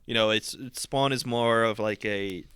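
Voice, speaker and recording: A young man co-hosting a casual podcast, measured and adding caveats to his co-host's points. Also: medium pitch, fairly even intonation, a bit bright, clean tone, no room sound, clean studio sound. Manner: measured, adds caveats and counterpoints. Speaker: podcast co-host.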